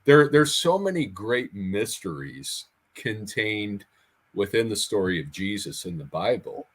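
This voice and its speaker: A man on a podcast, talking in a measured way with frequent hesitations. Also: fairly low pitch, big pitch swings, husky. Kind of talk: podcast conversation.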